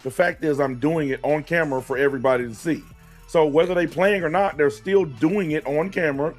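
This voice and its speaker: A fairly high-voiced man argues bluntly on a casual podcast. He swears freely and drags his words out to hammer each point home. Music plays faintly underneath. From American South. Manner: blunt and emphatic, profane, slows down to stress points. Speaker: host.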